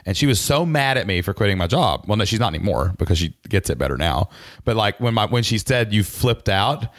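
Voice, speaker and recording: A man in his thirties, a podcast guest, telling his story in a chatty, animated way, full of fillers. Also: fairly low pitch, a little fast, no room sound, studio quality. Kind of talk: casual storytelling interview.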